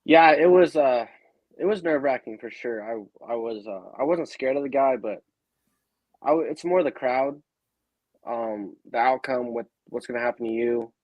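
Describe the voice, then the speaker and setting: A man's voice: mid-range voice, moderate pace, darkish tone, no room sound, rough recording. A young adult man as a guest on a casual sports talk show, easygoing and modest, sounding a little off-mic. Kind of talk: casual interview chat.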